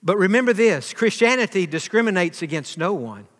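High-voiced preacher in a reverberant hall. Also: male voice, very animated, brisk. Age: 50s. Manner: earnest, repeats words while building a point. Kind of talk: sermon.

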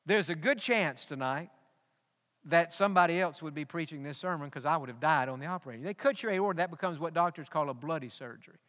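A man preaches a sermon with a high, bright voice. He tells a personal story and builds to emphatic peaks. His words ring out with the long reverb of a large church hall. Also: fast talker. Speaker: pastor.

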